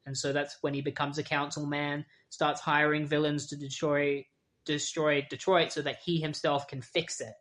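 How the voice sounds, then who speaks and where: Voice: medium pitch, flat delivery, moderate pace, fairly bright tone. Casting note: a casual comic reviewer who rambles with fillers and wry asides, in a mid-range voice. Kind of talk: casual comic book recap.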